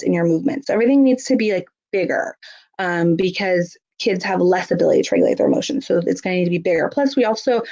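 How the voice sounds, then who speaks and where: Chatty woman with a gravelly voice. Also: medium pitch, darkish tone. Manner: chatty, many fillers, acts out emotions in bigger voice. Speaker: parenting educator. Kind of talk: casual instructional talk. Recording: dull lo-fi audio.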